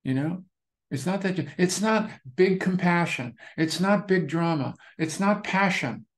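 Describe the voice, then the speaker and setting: A man teaching meditation in a relaxed, conversational way, repeating phrases and restarting as he searches for words. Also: high voice, measured pace. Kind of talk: dharma talk.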